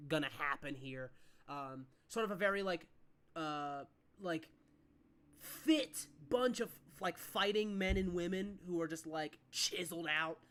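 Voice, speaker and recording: In a clear, resonant, fairly bright voice of middle pitch, a game master sets the scene for a tabletop game. The narration wanders loosely, unscripted and heavy with fillers as the speaker searches for words.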